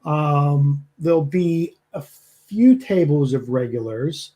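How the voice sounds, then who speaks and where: A man's voice: on the high side, animated, takes it slowly, mellow. A man narrating as game master, casual and stopping often to search for words.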